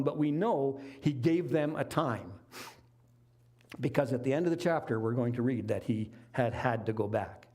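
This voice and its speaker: His high, slightly mellow voice recounts a Bible story in a sermon. The speaker is a middle-aged lay preacher who keeps things conversational and folksy, with casual asides along the way.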